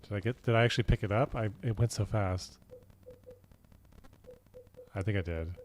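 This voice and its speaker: Casting: young male streamer, lowish voice, loose rambling play-by-play over faint game sounds. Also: normal speed, a little mellow, slight background noise. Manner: rambling, many fillers and restarts. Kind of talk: casual gaming commentary.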